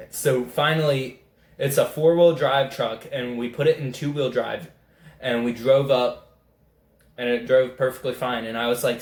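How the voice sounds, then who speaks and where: A young man, telling a rambling, excitable story as a casual vlogger. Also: mid-range voice, moderate pace. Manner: excitable, rambling, animated retelling. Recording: echoey room.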